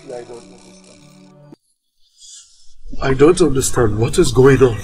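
A man's voice: medium pitch, animated, unhurried, warm tone, faint music behind, natural voice. An actor playing a distraught young man who stammers and pleads, with a Nigerian accent. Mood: anguished.

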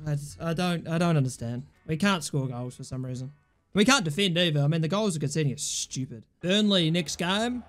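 A man's voice: fairly high pitch, a little fast, soft background music. A young man giving casual commentary over his own gameplay, exasperated and sarcastic, swearing often. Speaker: gaming channel host.

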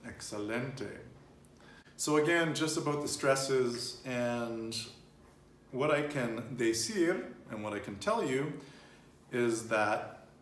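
A man's voice: mid-range voice, expressive, slow pace, a bit bright, slight background noise. A man in his thirties teaching a casual Spanish lesson at home, chatty and loose, laughing easily and often restarting or wandering off-topic. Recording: roomy home recording, faint ambience.

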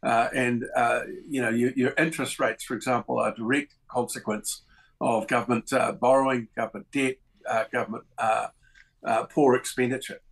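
A man, a politician on a panel, speaking in a measured way with many hesitations. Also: mid-range voice, steady tone, vocal fry, poor audio.

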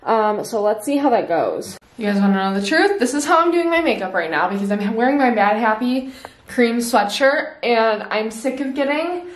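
A young woman talks casually to her camera at home, rambling and laughing between thoughts. Her voice sits a little high. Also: expressive, normal speed. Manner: chatty, rambling, lots of ums and laughs. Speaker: vlogger. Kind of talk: casual vlog chat. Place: home office.

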